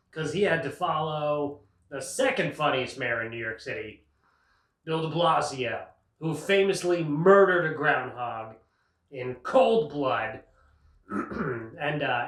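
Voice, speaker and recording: A comedian hosts his own show, his fairly high, slightly bright voice rambling through a sarcastic monologue as he laughs at his own jokes. The mic sits at a distance, giving the recording a roomy sound.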